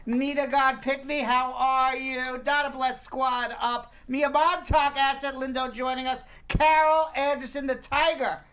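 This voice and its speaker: A man's voice: extremely high pitch, little pitch movement, measured pace, hardly any pauses, a bit bright. A man hosting a live online show, playfully teasing and reading out viewer names in casual chat. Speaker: show host.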